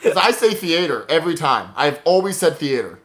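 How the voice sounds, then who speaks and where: A southern man with a slightly high voice for a guy, trading laid-back, self-mocking jokes as co-host of a comedy podcast. he talks at an easy pace and comes across relaxed rather than loud. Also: fairly quick. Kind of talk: joking improv banter.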